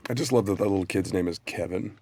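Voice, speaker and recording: A man's voice: deep voice, quick pace, warm tone, slight background noise. A man giving a casual, joking audio commentary on a TV episode, rambling with fillers.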